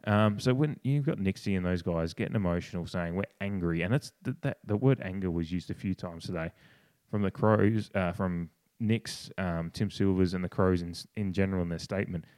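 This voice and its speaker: A man's voice: a little fast, a little mellow, dry recording. A man on a casual podcast, talking with passion and swearing, often restarting his sentences. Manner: passionate, swears, restarts and mimics others in a higher voice. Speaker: podcast co-host. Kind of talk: casual opinionated podcast talk.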